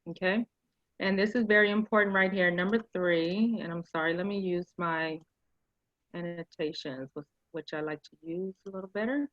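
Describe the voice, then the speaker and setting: A woman's voice: on the low side, dry recording, highs cut off. A middle-aged woman presenting an online real estate training session, speaking informally with lots of fillers and asides. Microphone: video call mic.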